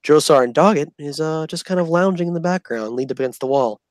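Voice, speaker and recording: Profane, animated man telling a story. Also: on the high side, fast, dry recording. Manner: animated, profane, acts out quoted voices. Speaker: storyteller recounting army basic training. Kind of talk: casual storytelling vlog.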